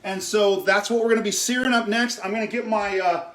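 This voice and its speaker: A man's voice: sits high, fairly even intonation, a little fast, fairly bright tone, reverberant. A man hosting a casual live cooking demo in his kitchen, chatting with viewers and often checking in with "okay?". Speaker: chef hosting a cooking stream. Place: home kitchen.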